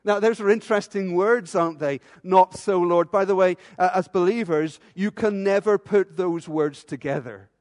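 Man, preacher, sermon, high voice, emphatic rhetorical questions, long church reverb. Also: normal speed, few pauses, a little mellow. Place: church with a stage.

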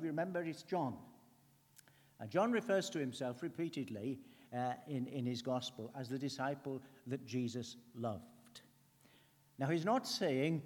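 A man giving a conversational sermon as a preacher, earnest, swinging between emphatic lines and hushed ones. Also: medium pitch. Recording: long hall reverb.

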